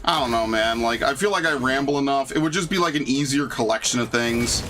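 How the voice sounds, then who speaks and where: A man's voice: medium pitch, brisk, background noise. A young man casually commenting on a game playthrough, rambling and swearing freely. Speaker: gaming YouTuber. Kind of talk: casual let's-play commentary.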